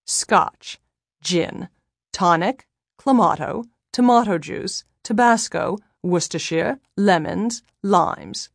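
A woman's voice: lowish voice, takes it slowly, creaky, no echo, studio quality, exaggerated voice. A woman reading an audiobook, voicing a crude, scornful older society woman who orders people around.

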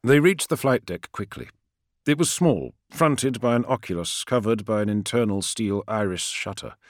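A man reading a sci-fi novel aloud as narrator, with an expressive storytelling delivery. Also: on the low side, normal speed, dry recording, clean studio sound. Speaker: audiobook narrator. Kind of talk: scripted narration.

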